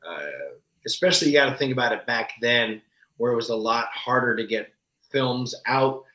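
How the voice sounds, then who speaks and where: A man talking as a guest actor, telling candid, animated stories with a self-deprecating streak. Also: mid-range voice, normal speed. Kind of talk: casual interview storytelling. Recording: echoey room.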